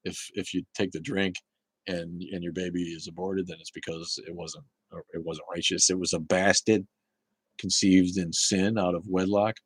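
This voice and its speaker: Rambling profane man host, low voice. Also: level tone, breathy edge, no echo, low-quality recording. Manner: rambling, profane, halting restarts. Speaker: talk show host reading viewer chat. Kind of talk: casual live call-in chat.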